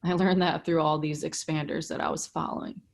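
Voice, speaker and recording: Young woman, low register, candid and animated storyteller, casual podcast chat. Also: fairly quick, creaky. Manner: animated, swears freely, heavy use of "like". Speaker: breathwork facilitator, podcast guest.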